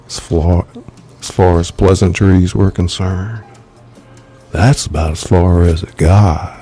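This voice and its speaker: A man, an author, reading his own thriller novel aloud in measured, dramatic storytelling. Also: deep voice, steady tone, warm tone, faint music behind. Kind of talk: live audiobook narration.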